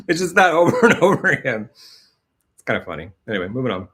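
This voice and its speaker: A man chats casually on a live stream, rambling, laughing, and acting out lines. His voice is bright and lively, with pitch that climbs and falls a great deal. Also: quick pace, husky. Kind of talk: casual chat. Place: home in Los Angeles.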